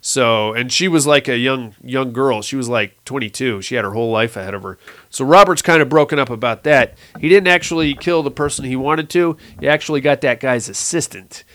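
A man's voice: medium pitch, fairly quick, a bit bright. A young man giving a casual, sarcastic recap of a horror TV episode, laughing at the plot and acting out lines.

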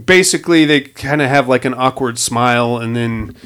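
A man's voice: medium pitch, normal speed, a bit bright, clean tone. A man casually recapping a movie plot, rambling and swearing with wisecracks. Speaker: podcast host.

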